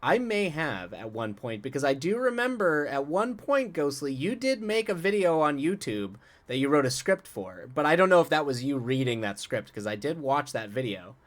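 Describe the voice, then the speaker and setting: A man hosting a live stream, chatting with viewers in a rambling, halting way full of restarts and chuckles, then reading a story aloud. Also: on the high side, sing-song. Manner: answers chat directly, playful.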